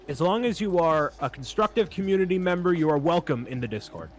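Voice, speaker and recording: A man's voice: on the high side, expressive, brisk, soft background music. A man joining a live stream as a guest, chatting easily and reading out viewer questions. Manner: easygoing, reads chat questions aloud. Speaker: guest co-host. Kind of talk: casual live-stream chat.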